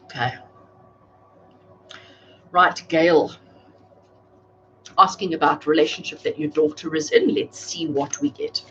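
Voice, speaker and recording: A woman's voice: low-pitched, very animated, takes it slowly, long pauses, lo-fi sound, a little hiss or hum. A woman giving tarot readings on a live stream, talking chattily and addressing viewers by name. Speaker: tarot reader. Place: home, speaking live to a camera.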